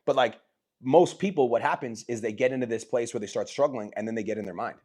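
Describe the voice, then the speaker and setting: Man, husky, quick, podcast host, profane, fired-up. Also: mid-range voice, a little mellow. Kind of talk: casual podcast talk.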